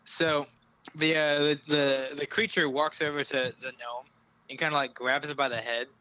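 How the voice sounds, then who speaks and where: A man running a tabletop game as game master, narrating casually with many fillers and pauses. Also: fairly high pitch, level tone, bright, forceful tone, poor audio.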